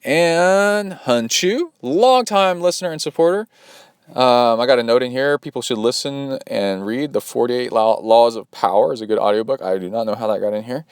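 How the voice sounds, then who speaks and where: A man's voice: mid-range voice, normal speed, clear, resonant tone, no echo, clean studio sound. A man hosting a podcast as a triathlon coach, talking in a rambling, chatty way with plenty of fillers and asides. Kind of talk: casual solo podcast talk.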